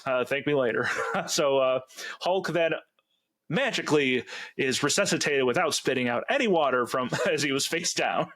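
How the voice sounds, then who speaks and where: A man co-hosting a podcast, recapping scenes in casual chat, laughing often and acting out lines. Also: a little high. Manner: animated, acts out lines in quick voices. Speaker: podcast co-host.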